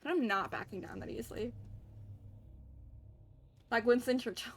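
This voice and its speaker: A woman's voice: on the high side, moderate pace, slight background noise. A bubbly, chatty woman streaming a visual novel, reading it aloud with giggles and talking to viewers while a little congested, from her home kitchen. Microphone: desk microphone, not wearing headphones.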